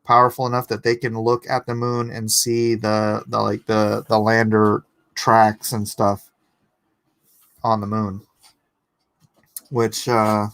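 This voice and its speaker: A man's voice: on the low side, completely flat delivery, takes it slowly, pauses often, a bit bright, no echo. A man hosting a casual livestream, reading chat comments aloud and answering them with rambling, sarcastic talk and frequent laughter. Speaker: livestream host and artist.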